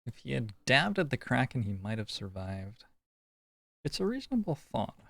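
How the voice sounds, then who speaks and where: A man streaming a detective game, musing slowly and thinking aloud as he works through each scene. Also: medium pitch, big pitch swings, creaky, a bit bright, no room sound. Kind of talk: casual let's-play commentary.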